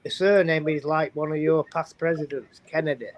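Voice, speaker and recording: A man's voice: fairly high pitch, fairly even intonation, normal speed, dull audio, a little hiss or hum. An older man from England with an English accent, chatting casually and repeating himself. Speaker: guest on a co-stream. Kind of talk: casual chat.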